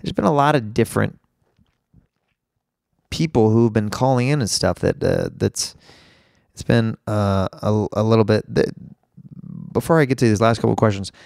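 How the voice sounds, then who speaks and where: A man's voice: lowish voice, moderate pace, gravelly, long pauses, a little mellow, dry recording, clean studio sound. A young man with laryngitis hosting a solo comedy podcast, rambling in a jokey, self-deprecating way. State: hoarse with laryngitis. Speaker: podcast host.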